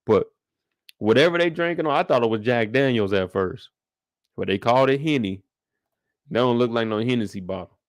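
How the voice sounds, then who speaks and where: A man's voice: medium pitch, animated, brisk, pauses often, no echo, clean studio sound. A young man hosting a casual live after-show discussion. He talks in slang, jokes around, and speaks straight to the show's characters. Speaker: TV recap host.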